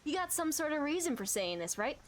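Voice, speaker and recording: A woman voicing a steady, dependable young man from a game who is reassuring his friend. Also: very high-pitched, brisk, heavily acted.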